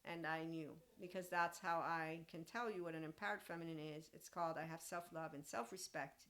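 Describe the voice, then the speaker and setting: A woman's voice: low voice, fairly even intonation, a little fast, fairly bright tone. A woman hosting a podcast, talking casually and animatedly, often laughing and acting out quoted lines. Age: young adult. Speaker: podcast host and mentor. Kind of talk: casual monologue.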